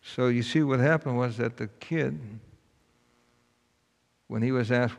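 A preacher tells a story in a folksy, earnest way, his voice gravelly at mid pitch. The sound carries a long reverb from a large hall. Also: a little slow. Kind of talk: sermon storytelling.

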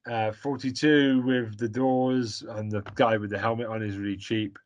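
A man's voice: fairly low pitch, little pitch movement, normal speed, few pauses, highs cut off. A man in casual chat, blunt and rambling, swearing freely as he gives his opinions.

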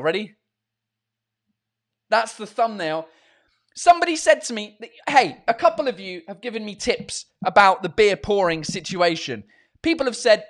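A man with a notably high-pitched voice hosts a laid-back live-stream chat from his home. His talk is rambling and loose, full of restarts, and peppered with casual swearing. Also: animated, moderate pace. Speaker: host of a live beer-drinking chat show.

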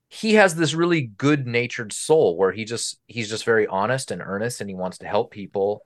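A man's voice: medium pitch, fairly bright tone. A man co-hosting a podcast, talking casually and at length about a film, with many fillers and restarts. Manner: chatty, explains at length with fillers. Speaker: podcast co-host.

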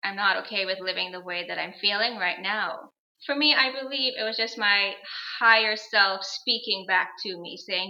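Bright-voiced woman sharing earnestly. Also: medium pitch, moderate pace, low-quality recording. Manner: earnest, repeats phrases for emphasis. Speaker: guest. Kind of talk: reflective personal interview.

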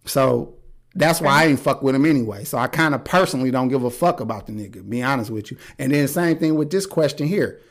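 A man's voice: medium pitch, fast. A man hosting a podcast, talking in a casual, blunt and profane way with strong opinions. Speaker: podcast host. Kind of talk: casual chat.

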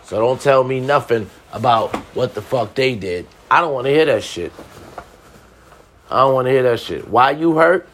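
A man's voice: medium pitch, lively intonation, normal speed, fairly bright tone, slight background noise. Blunt, profane man lecturing. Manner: repeats lines for emphasis. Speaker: commentator giving relationship advice. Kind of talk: casual monologue.

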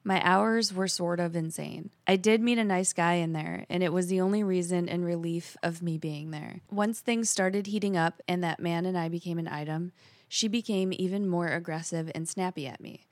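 Woman podcast co-host, lowish voice, dry mic, swears casually, teases. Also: steady tone, moderate pace, dry recording. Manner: crude, teasing banter, reads a listener's email aloud. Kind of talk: casual chat.

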